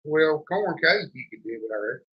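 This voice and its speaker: The host of a homesteading show, a man with a thick rural North Carolina accent, chats in a folksy Southern drawl. His voice is a little high, expressive and a little fast, in a dull lo-fi recording.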